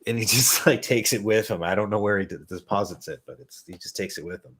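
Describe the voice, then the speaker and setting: A man hosting a talk show tells loose, rambling comic stories with casual swearing and self-mockery. His voice is deep and low. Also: fast talker, a bit bright, breathy edge. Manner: rambling, profane, self-mocking. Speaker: podcast host. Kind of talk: casual comedic storytelling.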